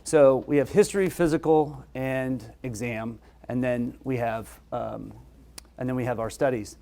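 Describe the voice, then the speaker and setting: A man who is a surgeon, giving a relaxed, conversational medical lecture with frequent hesitations. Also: medium pitch, measured pace, vocal fry.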